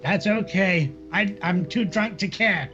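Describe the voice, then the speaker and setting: A man's voice: high voice, a little slow, sharp tone, faint music behind. A man voicing a cheerful, carefree drunk male dwarf adventurer, in slightly muffled lo-fi audio. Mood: content. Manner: jovial, carefree.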